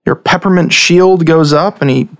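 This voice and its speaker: A man running a tabletop game as game master, ruling quickly and narrating the fight vividly, often with a laugh. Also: a little high.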